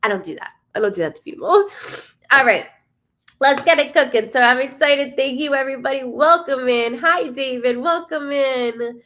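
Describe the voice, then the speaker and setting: A psychic medium hosts a casual live stream, greeting viewers by name and dropping swear words freely. She speaks at a normal speed in a high voice with a fairly bright tone.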